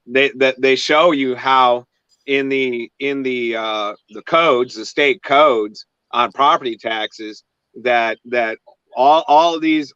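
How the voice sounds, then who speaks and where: A man's voice: medium pitch, fairly bright tone, clear, resonant tone, no echo. A man hosting a casual chat, talking hesitantly with many fillers and restarts. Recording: dry, dull lo-fi sound.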